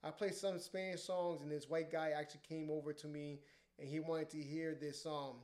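A young man who works as a DJ, telling profane, animated stories in casual podcast chat. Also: fairly high pitch, moderate pace. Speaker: DJ and podcast co-host. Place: podcast studio.

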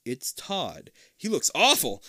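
Lively, bright-voiced podcast reader. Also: medium pitch, takes it slowly, dry recording, clean studio sound. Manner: animated, swears freely, laughs often. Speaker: podcast co-host reading a gamebook aloud. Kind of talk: casual comedic read-aloud with crude asides.

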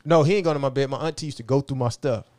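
A man's voice: medium pitch, very fast, a little mellow, no room sound. A middle-aged man telling stories from his life in a rambling, casual way, often asking "you know what I'm saying". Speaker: interview guest. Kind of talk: casual storytelling.

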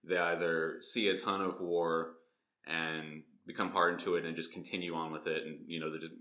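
A man with a very deep voice co-hosts a casual podcast about a book. He talks in a relaxed, chatty way and laughs often. The room around him echoes noticeably. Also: normal speed. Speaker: podcast co-host discussing a book. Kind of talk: casual chat.

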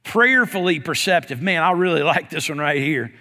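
Bright high-voiced preacher in a reverberant hall. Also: male voice, lively intonation, moderate pace. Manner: conversational preaching, often says "man". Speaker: pastor. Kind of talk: sermon. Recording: long reverb of a church hall.

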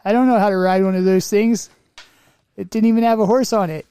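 A man's voice: high-pitched, steady tone, fairly quick, dark tone, clear, resonant tone, dry recording. A man co-hosting a podcast in casual chat, joking and laughing often between remarks. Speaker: podcast co-host.

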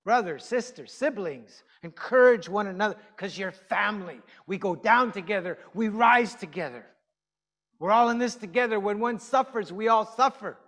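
A high-pitched male pastor gives an easygoing, conversational sermon, tossing questions to his listeners. His voice rings out with a long reverb in a church hall. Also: moderate pace, a bit bright. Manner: chatty, asks the congregation questions.

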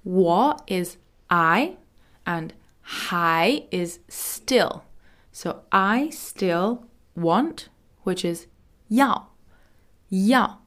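A woman teaching Mandarin in a lesson podcast, explaining chatty and repeating words slowly and clearly. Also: mid-range voice.

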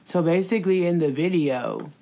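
A woman recounts gossip in relaxed conversation, slangy and full of swearing. Her voice sits a little low for a woman. She acts out what others said as she talks. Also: moderate pace, creaky. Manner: animated storytelling, slangy, swears, acts out quotes. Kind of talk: casual gossip chat.

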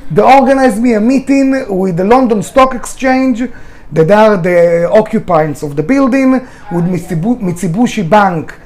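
A middle-aged restaurant founder in an interview, telling candid stories in a blunt, emotional way and swearing freely. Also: male voice, sits high, expressive, normal speed, darkish tone.

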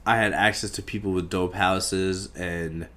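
A young man hosting a podcast, telling a story in a casual, profane, animated way and acting out the scenes. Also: deep voice, measured pace. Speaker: podcast host.

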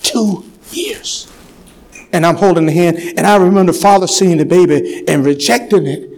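Male pastor, high voice, sermon in a church; goes from hushed stories to fervent, climbing exhortation. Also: poor audio. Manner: swings from hushed, slow storytelling to loud, fervent preaching. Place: church sanctuary.

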